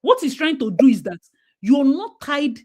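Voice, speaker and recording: Emphatic Nigerian woman, fairly high voice. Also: sing-song, moderate pace, darkish tone. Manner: emphatic, switching into Pidgin, acting out quoted parents. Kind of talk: casual talk-show discussion.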